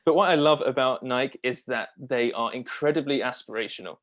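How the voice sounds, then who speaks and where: In a mid-range, fairly bright voice, a copywriter and marketing strategist chats enthusiastically and casually in an interview, full of fillers and restarts.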